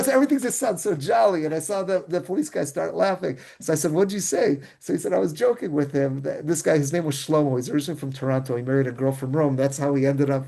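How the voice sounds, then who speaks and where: A man's voice: medium pitch, creaky, dark tone. A man, a rabbi, telling a travel story in casual discussion, rambling with frequent restarts and self-corrections.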